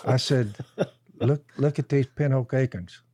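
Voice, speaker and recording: Slow, folksy man. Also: mid-range voice, mellow. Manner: slow, drawn-out storyteller who keeps repeating "I said". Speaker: podcast co-host. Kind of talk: folksy storytelling and Bible teaching.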